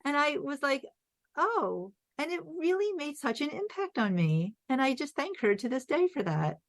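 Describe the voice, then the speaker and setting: A woman's voice: high voice, expressive, normal speed, no room sound. A woman guest on a podcast telling a personal story in a reflective, earnest way. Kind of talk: casual interview chat.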